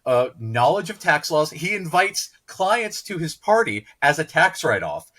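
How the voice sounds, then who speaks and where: A man's voice: on the high side, very animated, a little slow, fairly bright tone. A man co-hosting a podcast, chatting enthusiastically in long run-on stretches. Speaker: podcast co-host. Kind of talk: casual podcast chat.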